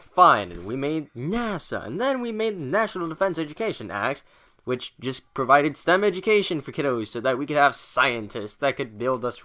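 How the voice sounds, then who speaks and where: Young man, bright, forceful tone; casual profane history recap with mock quotes. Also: fairly high pitch. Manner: irreverent and profane, acting out quotes in mock voices; hesitant, with fillers and restarts. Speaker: student summarizing history chapters. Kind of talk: casual spoken chapter recap.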